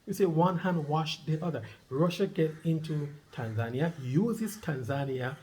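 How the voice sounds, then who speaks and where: A slightly high, darkish male voice belongs to a middle-aged vlogger going through a news article out loud. He keeps stopping to weigh in, hammering home the main points by repetition and asking his listeners to underline words.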